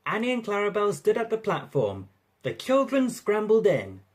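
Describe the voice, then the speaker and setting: A narrator reading a railway storybook aloud in an expressive, lively way. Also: medium pitch, normal speed.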